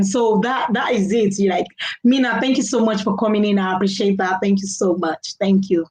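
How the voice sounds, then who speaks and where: A woman's voice: mid-range voice, steady tone, moderate pace, darkish tone. A young woman with a Nigerian English accent, hosting a casual live stream and chatting loosely, repeating herself and laughing often.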